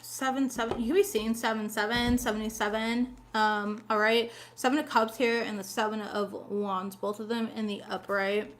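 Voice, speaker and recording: A woman's voice: a little high, level tone, moderate pace, hardly any pauses, a bit bright, a little hiss or hum. A woman doing a casual tarot reading in a chatty, blunt and sassy way, swearing freely and laughing often. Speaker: tarot reader.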